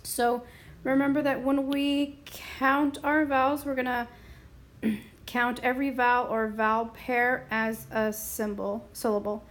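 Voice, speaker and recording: A woman's voice: fairly high pitch, level tone, unhurried. Woman patiently explaining a lesson. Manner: patient, step-by-step, sounding out words. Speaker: Spanish teacher. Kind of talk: classroom explanation.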